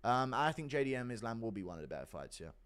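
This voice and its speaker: A man's voice: mid-range voice, very animated, fast talker, fairly bright tone. Blunt, crude male streamer. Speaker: livestream host. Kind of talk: casual chat reading donations.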